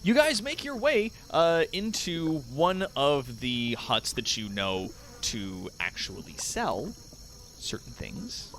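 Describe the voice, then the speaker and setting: A male game master describes the scene with a lively, swooping voice that rises and falls as he narrates. The tone is bright and forward, and he keeps things loose with frequent fillers and laughs. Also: on the high side, slow pace, slight background noise. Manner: animated, laughing often, filler-heavy.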